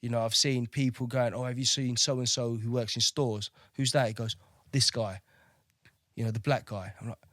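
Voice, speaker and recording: Male navy veteran, thirties, mid-pitched, candid and profane, dry close recording. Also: steady tone, moderate pace, fairly bright tone, no echo. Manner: blunt, swears freely, keeps asking "do you know what I mean". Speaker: podcast guest, navy veteran.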